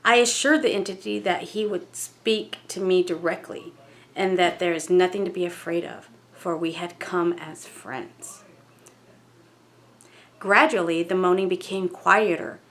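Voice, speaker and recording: A woman vlogger reading a ghost story aloud in an unhurried, measured way. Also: on the low side, steady tone.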